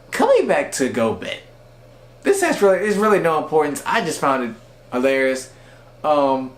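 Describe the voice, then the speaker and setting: A man's voice: medium pitch, fairly bright tone. A man casually recapping and reviewing an anime episode, rambling with lots of "like" and "you know". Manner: rambling, filler-heavy with frequent "like". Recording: echoey room.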